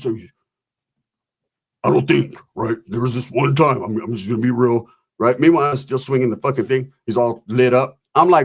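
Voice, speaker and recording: A man's voice: mid-range voice, normal speed, slightly rough. A man telling a rambling, profane comic story in casual chat, tagging his lines with "right?".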